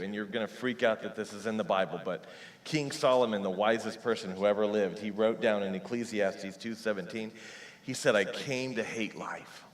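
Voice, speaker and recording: A man's voice: lowish voice, a little hiss or hum. A man in his forties preaching a sermon as pastor, telling a personal story and acting out prayers and conversations. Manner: personal storytelling, acts out quoted prayers and dialogue. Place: church sanctuary. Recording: long hall reverb.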